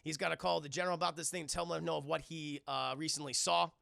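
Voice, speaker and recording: A man streaming a casual, animated film recap to his live chat, swearing freely. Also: on the high side, fast talker, gravelly, dry recording, studio quality. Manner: animated, profane, addresses chat.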